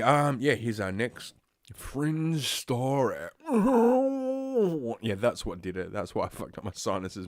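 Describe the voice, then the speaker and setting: This Australian show host rants through the news with sarcasm and plenty of swearing, his nose blocked and sniffly as he rambles. He has a mid-range voice, captured on a desk microphone in studio quality without echo.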